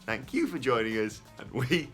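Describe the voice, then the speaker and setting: A man hosting a casual podcast chat, his voice bright and forceful. He talks in an animated way, exclaiming and laughing often. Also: medium pitch, normal speed, slightly rough, faint music behind. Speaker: host.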